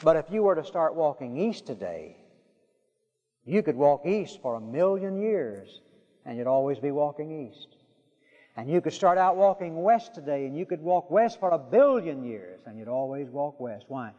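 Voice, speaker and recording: A man preaching a sermon, telling stories with dramatic pauses and dropping to a hush for emphasis. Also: on the high side, very animated. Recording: dull sound with long hall reverb.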